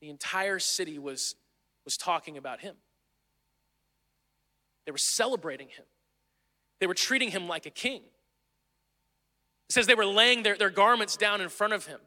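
A man's voice: high-pitched, lively intonation, normal speed, long pauses, bright, forceful tone. A man preaching a sermon in an earnest, conversational way, sometimes restarting his phrases. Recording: long hall reverb.

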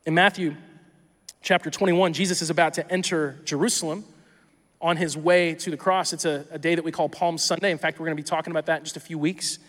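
High-voiced tired pastor in an echoing hall. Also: male voice, steady tone, quick pace, a bit bright. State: tired from little sleep. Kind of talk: sermon.

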